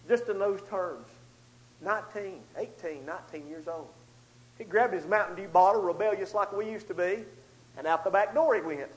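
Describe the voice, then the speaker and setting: A man preaching a storytelling sermon, swinging between loud outbursts and hushed asides. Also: sits high, normal speed, low-quality recording.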